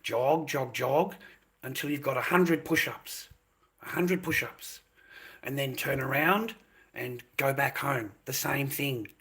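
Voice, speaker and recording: A man's voice: mid-range voice, slow, a bit bright, breathy edge. An older man, talking to viewers on his livestream in a rambling, repetitive way, full of "mate" and "boys".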